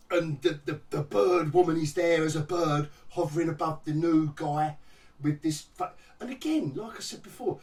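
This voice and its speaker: Mocking a TV episode in a casual, rambling rant, this male vlogger has a high-sitting voice that jumps up and down. He often restarts his sentences and laughs at the show, and he seems slightly far from the microphone.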